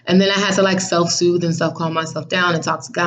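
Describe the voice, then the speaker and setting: Woman, faith vlogger, animated, slangy, laughs a lot, lowish voice. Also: fast, a little hiss or hum. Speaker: vlog host. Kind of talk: casual devotional vlog. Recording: dull, muffled recording.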